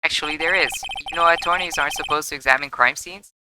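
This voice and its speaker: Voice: medium pitch, fast, very noisy, natural voice. A streamer reading as an eager young forensics buff. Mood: teasing. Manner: scolding, lecturing. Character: eager young woman forensics fan, bossy. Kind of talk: reading game dialogue aloud on stream.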